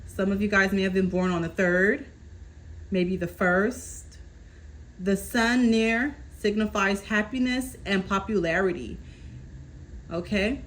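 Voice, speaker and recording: A woman doing a casual tarot reading, calmly relaying messages from spirit and often checking in with her listener. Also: mid-range voice, takes it slowly, low-quality recording. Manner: reassuring, keeps checking in with "okay?". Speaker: tarot reader.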